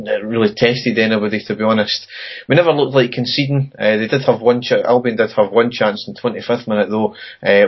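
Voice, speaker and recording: A man co-hosting a casual football podcast, reading through his match notes in a steady, matter-of-fact way. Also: fairly low pitch, husky, muffled recording. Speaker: podcast co-host.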